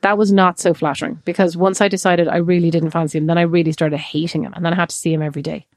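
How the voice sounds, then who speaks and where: An Irish woman in early adulthood, co-hosting a podcast and telling stories in a casual, animated way with many quoted asides. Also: fairly low pitch, rapid-fire, no echo, studio quality. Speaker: podcast co-host. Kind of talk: casual chat, storytelling.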